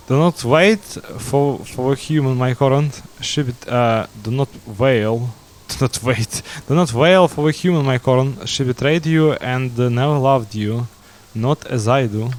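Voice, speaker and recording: A man reading out a proud, lovesick beast shapeshifter in a flat voice with stumbles. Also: mid-range voice, a little slow, natural voice.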